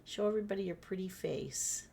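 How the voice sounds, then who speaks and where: A woman's voice: medium pitch, a little fast, creaky, a crowd in the background. Middle-aged mother as stream guest; chatty, hesitant storyteller with fillers. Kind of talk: casual chat on a livestream.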